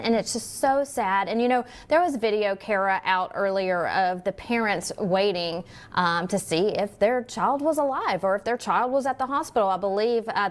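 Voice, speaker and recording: An emphatic young woman co-hosting a news show, with an ordinary middle pitch. She piles up repeated phrases for stress and lets strong feeling show as she talks. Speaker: news co-host. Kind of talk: conversational news commentary.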